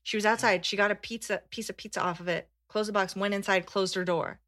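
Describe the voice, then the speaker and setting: A woman co-hosting a casual chat, telling an animated story and laughing often. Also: mid-range voice, fast, no room sound, studio quality. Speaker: podcast co-host.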